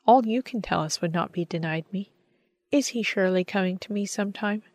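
A woman reading the lines of a young mother who longs for her son, in a soft, pleading tone. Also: mid-range voice, fairly quick, natural voice. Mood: longing.

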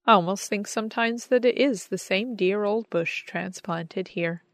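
A woman's voice: medium pitch, measured pace, dry recording, natural voice. A woman reading the part of a loving father who speaks tenderly and kindly to his daughter. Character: loving, warm-hearted father.

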